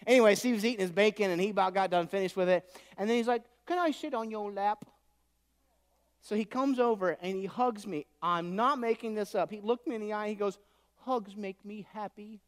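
A man in his thirties delivers a sermon in a fairly high voice. He preaches with swings from loud, pleading bursts to soft, intimate asides. The hall carries a long, lingering reverb. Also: quick pace, smooth. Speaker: pastor.

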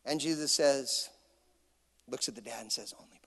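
A man preaching a sermon as dramatic storytelling, acting out the people in the story and swinging between shouting and hushed tones. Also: medium pitch, a little fast, creaky, slightly rough. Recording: long hall reverb.

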